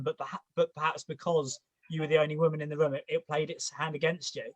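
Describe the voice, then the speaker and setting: A man's voice: fairly high pitch, flat delivery, quick pace, no echo. A man hosting an interview, asking long rambling questions with enthusiasm and frequent repeats. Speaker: host.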